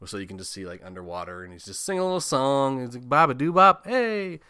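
A man's voice: low voice, sing-song, very fast, smooth, no room sound, clean studio sound. A man giving a casual, joking recap of a movie, swearing freely and acting out the characters' lines. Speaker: podcast host.

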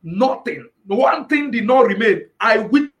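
Near tears, a music-business professional shares his personal testimony in a voice that sits high, animated yet unhurried. He repeats "you understand?" again and again and breaks out in shouted praise.

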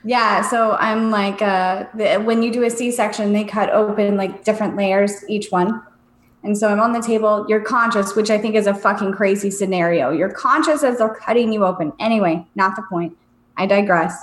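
A woman in her thirties co-hosting a casual podcast chat, an animated storyteller who talks about her children. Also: normal speed. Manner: animated storyteller, jumps high for quoted voices. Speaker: podcast co-host. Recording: roomy echo.

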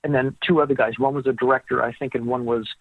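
A man, the guest author in an interview, telling an animated story and acting out what people said. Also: mid-range voice, quick pace, no echo. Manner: animated storyteller who acts out the dialogue. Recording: tinny phone-like line, dry.

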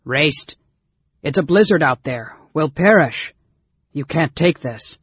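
A man voicing a big, blustering male warrior who shouts and grumbles in exasperation, read from a storybook. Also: medium pitch, level tone, normal speed, vocal fry, no room sound, pitched below the performer's own voice. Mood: exasperated shouting. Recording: dull lo-fi dry recording.

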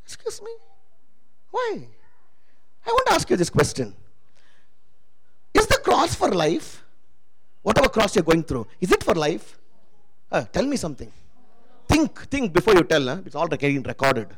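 A man's voice: high-pitched, wildly swooping pitch, moderate pace, pauses often, low-quality recording. A man preaching a sermon testimony, emphatic and calling out to the congregation for responses.

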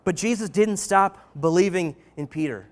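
High-voiced man preaching casually. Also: normal speed. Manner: conversational, with frequent "um," "like" and "right?". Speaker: pastor. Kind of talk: casual sermon storytelling.

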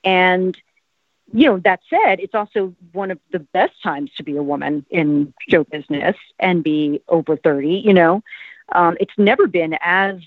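A lower-pitched woman's voice, measured in pace, belongs to a South Jersey actress in her fifties. She rambles casually through an interview, filling gaps with "like" and "um." The dry recording has a tinny, telephone quality.

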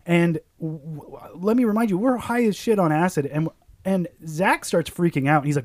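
A man's voice: high voice, moderate pace, darkish tone, no echo. Laughing, rambling storyteller man, dry sound. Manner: rambling, laughs through his own story. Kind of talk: casual storytelling among friends.

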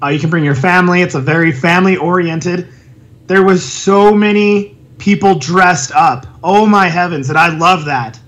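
A man co-hosting a casual podcast, talking in a fairly high voice. He is animated and laughs often, and now and then he drops into silly impressions. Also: normal speed. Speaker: podcast co-host. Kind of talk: casual chat.

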